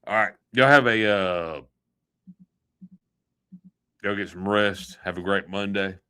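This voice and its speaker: Rambling folksy man with a bright voice. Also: lowish voice, slow, smooth. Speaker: livestream host. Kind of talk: casual livestream sign-off chat.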